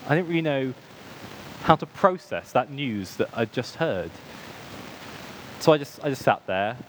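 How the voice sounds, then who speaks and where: A man's voice: mid-range voice, animated, a little slow, a little hiss or hum, low-quality recording. A British man giving a church sermon with humorous asides, self-deprecating stories and frequent ums. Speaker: preacher.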